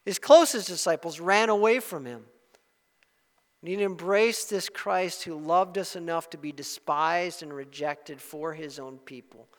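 A man preaching a sermon as pastor, impassioned and rising to loud peaks before dropping back to a closing prayer. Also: fairly high pitch, a little slow, big-room sound.

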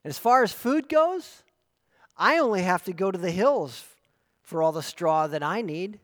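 A man doing a smug wild donkey, a boastful male beast from a fable who taunts a laden friend in a raised, lively voice. The voice rings out loudly through a long, echoing hall. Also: high-pitched, normal speed, pitched above the performer's own voice. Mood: gloating. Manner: mocking, gloating.

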